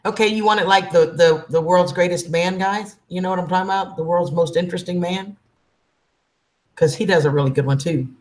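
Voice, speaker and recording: A woman's voice: lowish voice, a little fast, darkish tone. A woman, chatting casually and affectionately with her livestream viewers and calling them honey. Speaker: livestream host.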